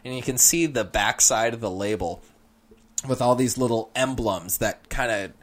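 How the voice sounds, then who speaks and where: A man co-hosting a casual chat, telling an animated story and slipping into character voices. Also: mid-range voice, normal speed. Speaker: podcast co-host.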